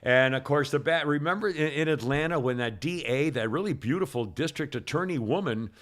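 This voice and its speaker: A man's voice: fairly high pitch, a little fast, fairly bright tone. An older man hosting a podcast, telling long rambling stories in casual chat and laughing often. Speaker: podcast host.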